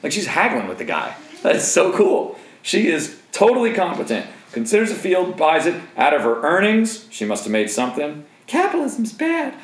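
A man in his thirties preaching a sermon in an animated, joking way, with asides to the crowd. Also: fairly high pitch, fairly quick, few pauses, roomy sound, rough recording. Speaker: pastor.

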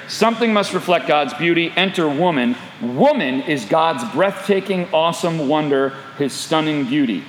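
Animated preacher in an echoey hall. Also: male voice, fairly high pitch, slight background noise. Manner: animated, asks the audience questions. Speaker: pastor. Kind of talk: sermon. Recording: echoey hall with long reverb.

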